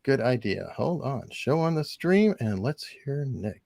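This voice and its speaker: A man hosting a casual legal panel over a video call, animated and joking. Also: medium pitch, creaky, no room sound, studio quality. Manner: animated, laughing, quick asides. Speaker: host.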